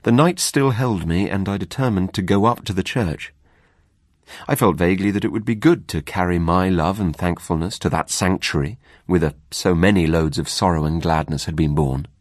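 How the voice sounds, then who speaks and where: Man, scripted ghost story narration, very deep voice, measured, suspenseful, dry studio sound. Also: no echo. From Britain. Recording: dry studio radio reading.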